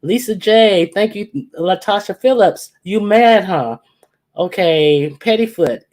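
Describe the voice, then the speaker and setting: A woman's voice: fairly low pitch, animated, slow, darkish tone. A woman hosting a casual livestream, reading out viewers' names one by one and teasing them playfully. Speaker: livestream host. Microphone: computer or phone mic with echo.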